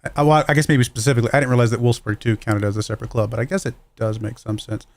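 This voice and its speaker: Rapid-fire and steady in tone, his mid-range male voice narrates a livestream of a football management game. He muses casually as he plays, self-deprecating and laughing at his own errors.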